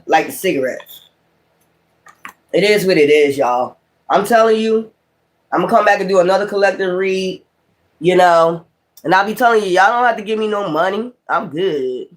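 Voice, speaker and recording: A man, a tarot reader, talking in a rambling, profane and emphatic way in a casual spiritual vlog monologue. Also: sits high.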